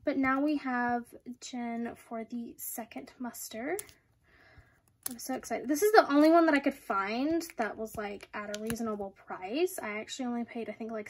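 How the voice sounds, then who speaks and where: A young woman unboxing collectibles in a casual vlog, excitable and gushing, often giggling. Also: fairly high pitch, slightly rough. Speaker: vlogger.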